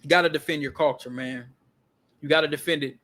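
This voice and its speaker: A man vlogging in animated, casual storytelling style, emphatic and slangy, often repeating himself and swearing. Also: on the high side, a little fast. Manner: emphatic, profane, repetitive, slangy.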